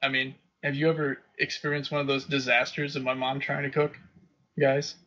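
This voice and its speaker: A man, co-hosting a casual podcast and telling profane stories with loud impressions. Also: level tone, moderate pace. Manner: profane storyteller, loud high-pitched impressions of his dad. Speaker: podcast co-host. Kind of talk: casual chat. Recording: dull lo-fi podcast audio.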